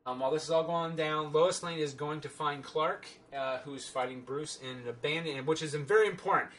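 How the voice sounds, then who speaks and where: A man's voice: on the high side, brisk, fairly bright tone, a little hiss or hum. A man giving a casual, rambling and sarcastic film review, full of fillers and restarts.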